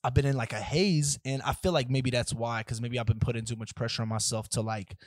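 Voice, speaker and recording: A young man hosting a casual solo podcast, rambling and swearing through tangents, swinging between loud outbursts and muttered asides, close to the mic. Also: medium pitch, steady tone, a little fast, no echo. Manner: rambling, profane, restless, many fillers and tangents. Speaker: podcast host.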